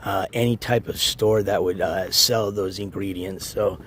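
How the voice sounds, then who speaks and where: A man livestreaming from a beach in the morning, hoarse and losing his voice, rambling as he walks and shouts out viewers in chat. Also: deep voice, steady tone, measured pace, a little hiss or hum. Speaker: IRL livestreamer. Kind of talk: casual live-stream chat.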